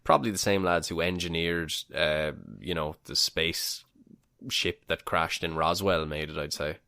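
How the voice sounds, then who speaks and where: A man co-hosting a podcast, trading dry, deadpan quips in casual banter. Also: sits low, moderate pace, no room sound. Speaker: podcast co-host.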